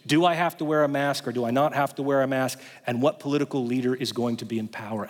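A male pastor preaching a sermon in a conversational way, swinging between loud passages and hushed ones. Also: medium pitch, animated, fairly quick, hardly any pauses, husky. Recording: long hall reverb.

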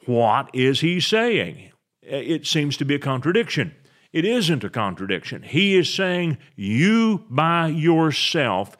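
A male preacher delivering a sermon at an unhurried, deliberate pace. His pitch rises and falls with lively emphasis as he poses rhetorical questions.

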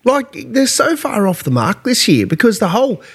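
An Australian man rants with animated disbelief on a casual podcast, swearing freely. His pitch is a touch high and leaps around. He talks like he is venting to a mate. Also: moderate pace, breathy edge. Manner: animated, sweary, incredulous ranting. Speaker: podcast co-host. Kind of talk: casual pub banter podcast.

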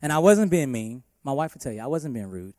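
Male worship pastor preaching, emphatic delivery, mellow tone, close dry sound. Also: mid-range voice, big pitch swings, a little fast, no echo. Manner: emphatic preaching with shifting loudness. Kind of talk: sermon.

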